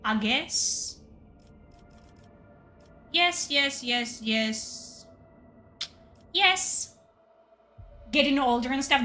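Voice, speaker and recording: A woman's voice: sits high, lively intonation, very slow, pauses often, bright, forceful tone, faint music behind. A woman streaming a game, chatting casually and swearing, reading chat aloud. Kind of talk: casual livestream chat while gaming.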